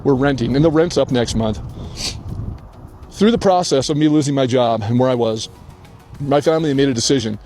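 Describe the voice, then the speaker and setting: Older male vlogger, crying but earnest, mellow tone, faint music behind. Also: mid-range voice, brisk. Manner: earnest, tearful, heartfelt. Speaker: channel host. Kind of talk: emotional personal vlog. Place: outdoors on a hillside rock.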